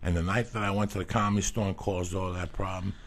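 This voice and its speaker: A man telling personal stories in a casual talk, animated and profane, acting out what people said. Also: sits low, fast talker. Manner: profane, animated storytelling, acts out quotes. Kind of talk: casual storytelling chat.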